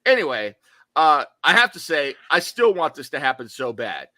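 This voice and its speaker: A man co-hosts a horror podcast in a relaxed, chatty way, wandering into playful tangents. His voice sits a bit high and sounds bright and forward. The sound is dry and close. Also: moderate pace, no room sound. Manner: animated, digressive, playful asides. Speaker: podcast co-host. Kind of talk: casual horror podcast chat.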